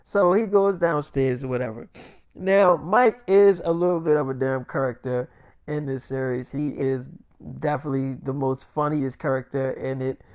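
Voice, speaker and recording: Animated man retelling a story. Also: mid-range voice, normal speed, clear, resonant tone, no echo, lo-fi sound. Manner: animated, profane, acts out each voice. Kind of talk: casual comedic retelling.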